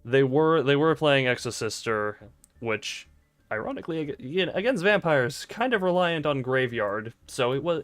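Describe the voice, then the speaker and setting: A man's voice: medium pitch, expressive, normal speed, fairly bright tone, no room sound. Rambling self-mocking male game streamer. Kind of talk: casual livestream chat while gaming. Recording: dry close mic with faint game music.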